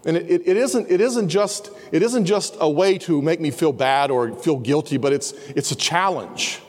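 A man preaching an earnest sermon in a slightly raised voice. His words ring out with long reverb, as in a large chapel. At quieter moments he sinks to a soft, low tone. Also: moderate pace. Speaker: pastor. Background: students in a campus service.

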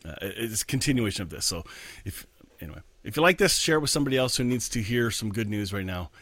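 A man who is a pastor and podcast host, talking in an earnest, reflective way in a candid monologue and slowing down to stress his points. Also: lowish voice, lively intonation, a bit bright, dry recording.

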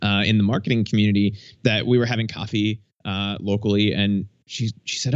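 Brief: low-pitched male co-host, chatty and loose, dry dull lo-fi recording. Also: little pitch movement, brisk, hardly any pauses, no echo. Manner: conversational, laughs often, repeats words. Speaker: podcast co-host. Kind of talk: casual podcast chat.

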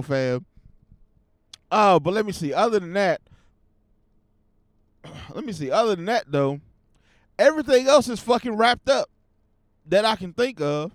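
A young adult man hosting a podcast alone, talking casually in a slangy, profane way and getting loud and fired up as he rants. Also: sits high, lively intonation, unhurried, long pauses, dry recording, clean studio sound. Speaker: podcast host. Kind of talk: casual solo podcast rant.

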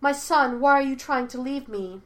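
A woman's voice: fairly high pitch, measured pace, darkish tone, close to an everyday voice. A woman voicing a possessive ghostly spirit that poses as a mother, murmuring tenderly and turning to cold rage. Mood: pleading.

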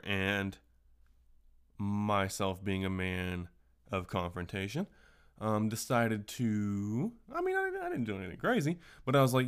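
A man with a somewhat low voice hosts a casual solo podcast. He tells workplace stories in a loose, ranting style, full of swearing. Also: sing-song, measured pace, clean tone. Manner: profane, ranting storyteller. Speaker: podcast host.

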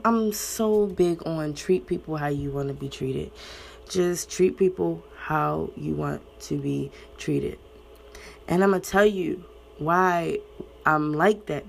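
A young woman talking candidly and profanely about relationships and family, with loud high bursts when she gets worked up. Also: creaky. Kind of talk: candid casual monologue.

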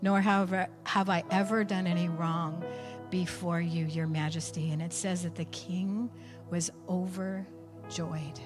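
A woman preaching a sermon, telling a story with animated swings from quiet asides to near shouts. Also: fairly low pitch, unhurried, music in the background.

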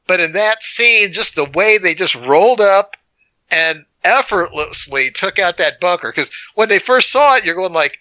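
Man, high, very bright voice, lively podcast co-host retelling film scenes with gusto. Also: normal speed, no room sound, poor audio. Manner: animated storyteller, acts out scenes. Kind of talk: casual movie review chat.

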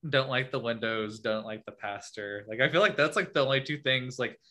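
A man's voice: medium pitch, a little fast, sharp tone. A man co-hosting a casual podcast chat, reading messages aloud with amusement and many filler words.

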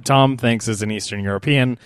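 A man co-hosting a podcast in casual chat, easygoing and quick to laugh. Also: medium pitch, clear, resonant tone, no room sound, clean studio sound. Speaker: podcast co-host.

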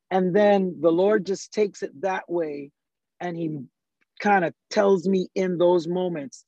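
A worship leader with a fairly high voice tells church stories in a conversational, lively way, talking fast and often quoting his own thoughts in asides. The recording is dry and slightly dull, with no echo or sense of room.

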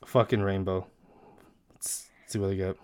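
A man's voice: low-pitched, flat delivery, unhurried, a little mellow, clear, resonant tone, no echo. A young man chatting casually and reading quiz options aloud, swearing now and then. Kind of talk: casual chat doing online quizzes.

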